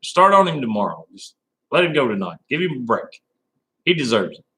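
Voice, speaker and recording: A man's voice: medium pitch, big pitch swings, fairly quick, a bit bright, rough recording. A man hosting a casual live stream, rambling and laughing as he talks to viewers by name.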